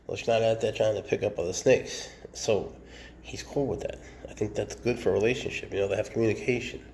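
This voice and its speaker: Man, low-pitched, gravelly, casual snake-keeper vlog, chatty and joking, tender with the animals. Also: steady tone, brisk, a little mellow, a little hiss or hum. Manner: chatty, jokey, talks tenderly to his snakes. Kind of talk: casual show-and-tell vlog.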